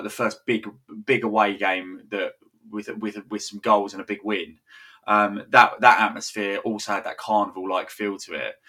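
A young man chats as a podcast co-host, his voice sitting lowish but with a bright, forward edge. He rambles and restarts as he goes, chuckling through his stories in an easy, casual way. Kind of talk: casual chat.

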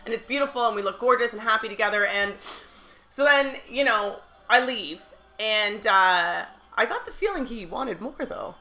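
A woman co-hosting a podcast, telling a story in a casual, animated and profane way. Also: fairly high pitch, moderate pace, faint music behind. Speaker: podcast co-host. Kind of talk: casual chat.

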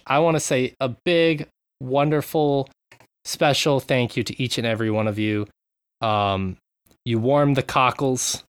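A man's voice: mid-range voice, a little slow, clear, resonant tone, dry recording. Man hosting a casual gaming podcast. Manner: joking, reads sponsor thanks with mock sincerity. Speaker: podcast host.

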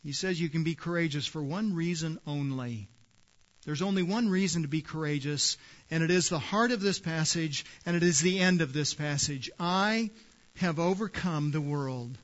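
Male pastor, high-pitched, emphatic sermon delivery with repeated words; dull lo-fi sound. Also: moderate pace. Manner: builds to loud emphatic peaks, repeats words.

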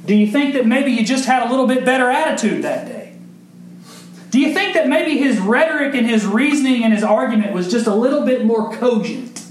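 Male pastor, high voice, emphatic sermon delivery, echoey sanctuary with faint hiss. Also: animated, a little fast. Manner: preaching with emphatic rises and questions to the congregation. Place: church sanctuary. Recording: echoey church room with faint background noise.

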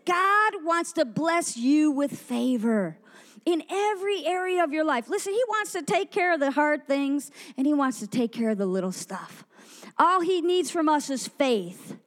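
A woman preacher telling an animated story in a sermon to a women's gathering, acting out the people she quotes. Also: high-pitched, in a large hall. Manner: animated, acts out quoted voices.

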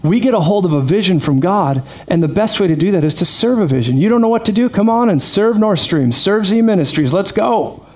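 A man preaching a lively sermon, energetic and quick to laugh, calling out praise to his congregation. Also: sits high. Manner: energetic, laughs often, calls out "praise God". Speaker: pastor.

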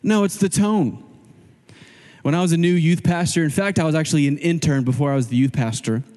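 A male pastor preaching a sermon in a casual, animated way, acting out quoted voices as he goes. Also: fairly high pitch, fairly quick, big-room sound.

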